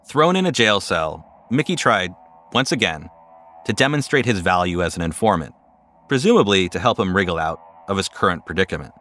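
Deep-voiced man narrating with wry lift. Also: big pitch swings, a bit bright, slight background noise. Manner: measured, wry storytelling. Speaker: podcast narrator. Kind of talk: scripted narration.

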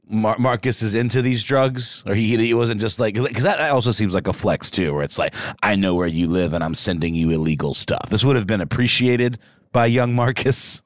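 Very deep-voiced man joking around. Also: no echo, studio quality. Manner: joking, rambling asides with many fillers. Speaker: podcast co-host. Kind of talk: casual chat.

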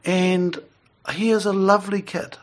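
A man's voice: high voice, level tone, measured pace. A middle-aged man, telling a rambling story in casual conversation and chuckling as he goes.

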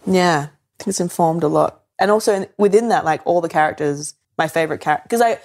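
A woman with an Australian accent, chatting as a podcast guest, animated and often laughing. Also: on the low side. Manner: animated, laughing, quick restarts. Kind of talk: casual chat.

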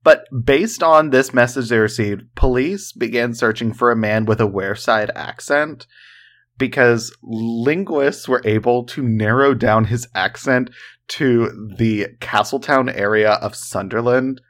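A man's voice: medium pitch, measured pace, fairly bright tone. A man co-hosting a casual true-crime podcast, talking in a joking, rambling way full of fillers. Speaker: podcast co-host.

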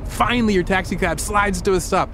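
A man hosting a podcast, telling a comedic story in an animated way with playful asides. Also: high voice, a little fast, slight background noise. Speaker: podcast host.

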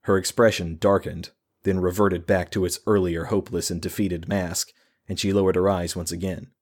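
A male audiobook narrator with a very low, deep voice. He reads the story in a steady, even, scripted manner. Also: normal speed.

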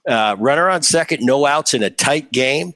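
A man's voice: medium pitch, moderate pace. A middle-aged man hosting a podcast, telling stories in casual chat and acting out what others said. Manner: storytelling, animated, quotes others. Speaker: podcast host.

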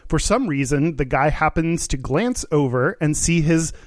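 A man's voice: on the high side, lively intonation, normal speed, no room sound, clean studio sound. A man co-hosting a comedy podcast, rambling and giggling as he tells a joke. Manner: giggly, rambling, self-deprecating. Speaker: podcast co-host. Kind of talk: casual comedic chat.

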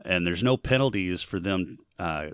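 Bright-voiced man explaining earnestly. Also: low voice, expressive, moderate pace, clean tone, no room sound, studio quality. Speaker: podcast co-host. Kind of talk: casual gaming news chat.

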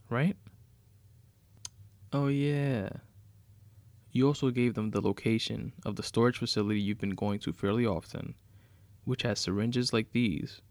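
A man's voice: medium pitch, a little mellow, dry recording, close to an everyday voice. A man reading a horror story aloud, voicing a vengeful scheming woman who taunts her captive in a sarcastic, mocking way.

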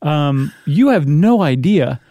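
A man with a mellow, darker voice talks through a podcast topic in easy chat. He jokes and asks rhetorical questions as he goes. The sound is close and dry, with no room around it. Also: a little high, takes it slowly, no room sound. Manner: jokey, animated explaining with rhetorical questions. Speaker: podcast co-host. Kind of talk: casual chat.

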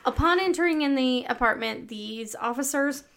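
A woman's voice: high-pitched, lively intonation, normal speed, background noise. A woman co-hosting a podcast, telling a true-crime story casually, full of fillers and swearing. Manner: profane, filler-heavy, quotes people in voices. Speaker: podcast co-host.

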